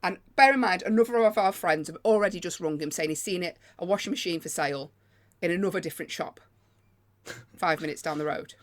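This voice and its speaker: A woman co-hosting a podcast, chatting in a quick, reactive way. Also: lowish voice. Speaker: podcast co-host. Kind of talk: casual chat.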